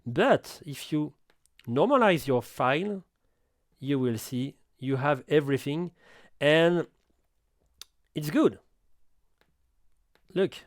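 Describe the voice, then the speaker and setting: A middle-aged man with a French accent walks through an audio recorder tutorial in halting, self-correcting English. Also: fairly high pitch, animated, no echo, clean studio sound. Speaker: audio gear reviewer. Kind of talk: hands-on equipment tutorial.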